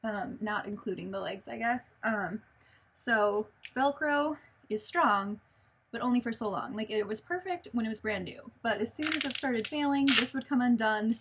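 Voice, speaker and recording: A woman's voice: fairly high pitch, normal speed, a bit bright, slight background noise. A woman, chatting casually in a show-and-tell vlog, rambling with many ums and self-corrections. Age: late 20s. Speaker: vlogger.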